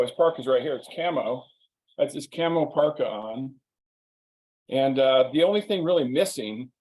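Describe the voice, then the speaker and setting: A man's voice: mid-range voice, a little mellow, low-quality recording. A man giving a humorous keynote talk that builds from a story into a business point. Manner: humorous, anecdotal, conversational. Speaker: keynote speaker. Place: virtual showcase, remote.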